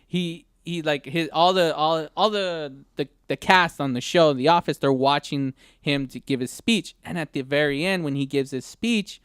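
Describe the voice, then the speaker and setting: Give me a young man co-hosting internet radio, rambling and animated, with a smooth, slightly high voice. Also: normal speed, hardly any pauses, no room sound, clean studio sound. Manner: rambling, animated storytelling with many restarts. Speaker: radio show co-host. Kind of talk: casual chat.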